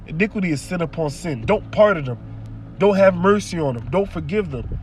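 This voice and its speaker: A man's voice: high-pitched, animated, a little fast, a little hiss or hum. A man preaching, reading verses aloud and then explaining them line by line with strong emphasis. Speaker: scripture teacher.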